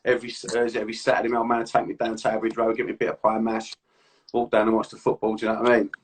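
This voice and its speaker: A man's voice: fairly low pitch, completely flat delivery, rapid-fire, slightly rough. A middle-aged man from South London with a South London accent, hosting a chatty, slangy podcast over a video call and laughing often. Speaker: podcast host. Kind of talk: casual chat on a video call.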